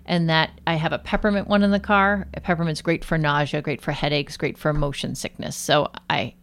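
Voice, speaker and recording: Woman interviewee, healthcare guest; deep, slightly fried voice; relaxed, animated, rambling delivery. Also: brisk. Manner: chatty, animated storytelling with many fillers. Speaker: nurse and aromatherapist guest. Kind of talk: casual interview chat.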